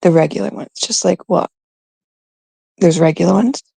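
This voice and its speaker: A middle-aged woman with a Canadian accent hosts a livestream, chatting with viewers in a casual, rambling way and swearing freely. Her voice is fairly low, gravelly, mellow and husky, at a normal speed, and the recording is dry.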